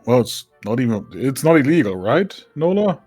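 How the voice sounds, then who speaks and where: A young man playing a tabletop role-playing game, hesitant and halting, often repeating words as he thinks aloud. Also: medium pitch, very animated, a little mellow, dry recording, soft background music. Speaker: player. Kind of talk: casual tabletop play.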